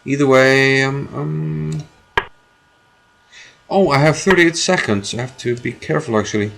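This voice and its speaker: A man streaming his own chess game, commenting live as he thinks aloud, repeating phrases and filling pauses. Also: medium pitch, creaky, fairly bright tone, a little hiss or hum.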